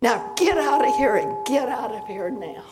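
A woman with a hoarse voice quoting a stern male superintendent who barks orders at her. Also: a little high, lively intonation, normal speed, heavy background noise, lightly acted. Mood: scolding. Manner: barking, scolding.

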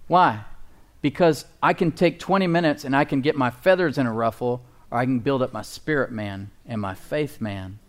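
A man's voice: mid-range voice, moderate pace. A man preaching a sermon as pastor, emphatic and folksy, often asking the congregation for agreement and chuckling at his own points.

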